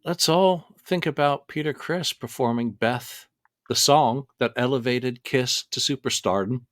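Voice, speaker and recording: A man's voice: medium pitch, measured pace, no echo, studio quality. A man co-hosting a podcast in casual chat, wry and wordy, with emphatic phrasing. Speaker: podcast co-host.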